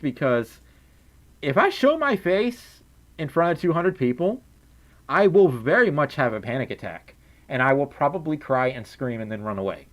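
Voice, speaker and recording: A man answering viewer questions on a casual livestream, chatty, with stammering restarts and nervous laughs. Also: on the high side. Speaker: streamer. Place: at home, wearing a fursuit.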